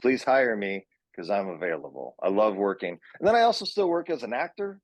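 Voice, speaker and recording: This man, a Minnesotan in his forties who works as an actor and session director, talks a little fast in a voice on the low side with big pitch swings. As a guest in casual conversation, he rambles through stories about acting and casting; the audio has no echo.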